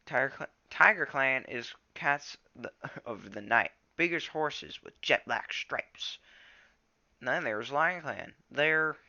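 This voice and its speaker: A man's voice: mid-range voice, expressive, slow, creaky, sharp tone, highs cut off, pitched above the performer's own voice, exaggerated voice. A man voicing a cheerful, scatterbrained young male apprentice cat in a storybook reading.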